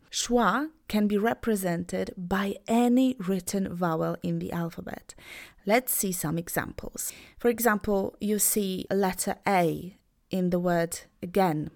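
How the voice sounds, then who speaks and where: A young woman, native in Polish, hosts an English pronunciation podcast. She sounds upbeat and encouraging. She models each sound slowly and carefully and breaks words into parts. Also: lowish voice. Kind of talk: podcast lesson.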